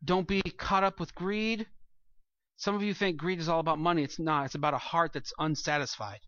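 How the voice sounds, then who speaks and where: Bright-voiced earnest pastor preaching. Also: male voice, a little high, fairly quick, dry recording, highs cut off. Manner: earnest, rising to emphatic peaks. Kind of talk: sermon. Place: church room with a congregation.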